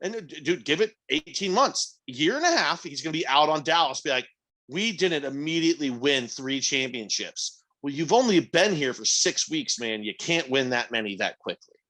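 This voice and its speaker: A man's voice: fairly high pitch, very animated, brisk, bright, forceful tone. A man in his thirties, a podcast co-host in casual chat, rambling and acting out quotes in different voices. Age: 30s.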